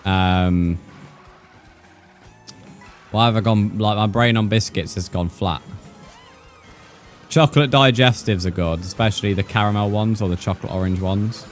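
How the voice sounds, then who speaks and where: A young British man with a slightly low voice talks easily with his stream chat, loose and conversational, full of slang. Faint music plays underneath him. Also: normal speed, long pauses. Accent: British English. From United Kingdom. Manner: chatty, uses slang like mate and bro. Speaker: gaming streamer. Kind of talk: casual live-stream chat with viewers.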